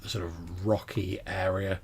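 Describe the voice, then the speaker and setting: A man's voice: deep voice, little pitch movement, measured pace, husky. A man narrating as game master of a tabletop game over a call, describing scenes at length with lots of fillers.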